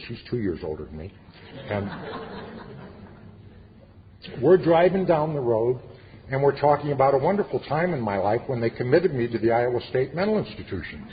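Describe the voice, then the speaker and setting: A middle-aged man speaking at a recovery meeting, telling his personal story earnestly with flashes of dry humor. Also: medium pitch. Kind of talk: personal testimony talk. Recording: echoey hall, dull lo-fi sound with faint hiss.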